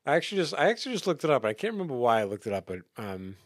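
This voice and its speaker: A man's voice: mid-range voice, sing-song, rapid-fire, no room sound, studio quality. A man hosting a casual podcast chat about music, rambling with many fillers and restarts. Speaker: podcast host.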